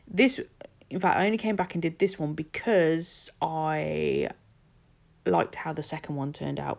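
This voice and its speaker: Woman, nail art vlogger; low-pitched and slightly gravelly, chatty, self-deprecating, rambling. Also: a little mellow. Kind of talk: casual voice-over tutorial.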